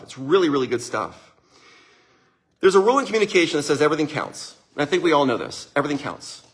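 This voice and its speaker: A man giving an energetic, conversational motivational talk to live viewers, often checking in with listeners and acting out the people he quotes. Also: a little high. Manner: acts out quoted voices. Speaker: motivational speaker.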